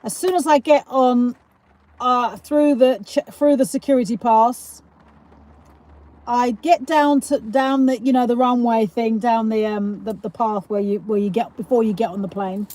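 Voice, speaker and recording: A woman's voice: fairly high pitch, fairly even intonation, a little slow, warm tone, no room sound. A middle-aged woman with a South East London accent, hosting a live stream and telling a rambling, giggly story with casual swearing. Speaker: livestream host.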